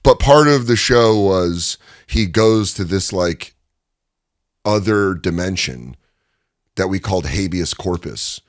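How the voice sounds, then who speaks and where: A man's voice: sits low, takes it slowly, dry recording, studio quality. A man who is a stand-up comedian, telling stories in a casual interview with lots of laughter and energy. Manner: animated, laughing storyteller. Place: recording studio.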